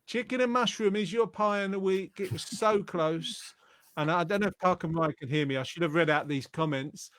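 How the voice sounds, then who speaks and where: A man's voice: high voice, normal speed, fairly bright tone. A man hosting a casual online show, chatty and teasing in a friendly way. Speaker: host.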